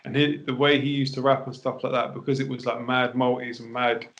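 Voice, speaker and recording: A man's voice: mid-range voice, flat delivery, brisk, a bit bright, highs cut off. A man from England with a Bournemouth accent, a rapper guest chatting loosely and swearing a lot on a podcast. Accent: Bournemouth English. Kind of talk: casual podcast chat.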